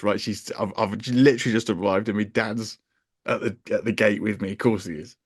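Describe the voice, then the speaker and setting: A man's voice: on the low side, quick pace, dry recording, clean studio sound. A man co-hosting a podcast, telling a chatty, wry, self-mocking story in casual conversation. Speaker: podcast co-host.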